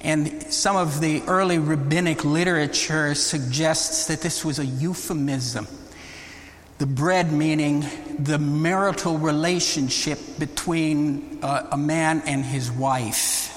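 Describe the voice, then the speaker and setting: A man preaching a Bible teaching sermon, deliberate and emphatic, often rising into exclamations. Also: fairly high pitch, fairly even intonation. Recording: long reverb of a large hall.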